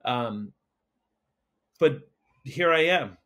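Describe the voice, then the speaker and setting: A man, a school counsellor and podcast guest, telling a personal story in casual conversation, halting with many restarts and fillers. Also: medium pitch, animated, fairly bright tone.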